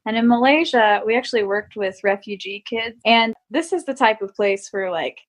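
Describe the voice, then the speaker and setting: A young woman with a fairly high voice chats as a guest, telling stories loosely with plenty of fillers. She sounds informal and quick to laugh. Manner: giggly, informal, lots of likes. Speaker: guest, teacher and musician. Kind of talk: casual storytelling in an interview.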